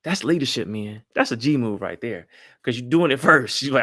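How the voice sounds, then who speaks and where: A man giving lively marriage advice to a crowd, folksy and animated, often calling out to the audience. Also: mid-range voice, moderate pace, dry recording, clean studio sound. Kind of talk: lively talk to a live audience.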